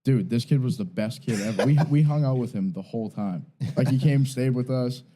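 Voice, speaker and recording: A man's voice: mid-range voice, brisk, poor audio. A man from New England, co-hosting a podcast and telling stories with lots of swearing. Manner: animated storytelling, swearing, laughing. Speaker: podcast co-host. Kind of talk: casual chat.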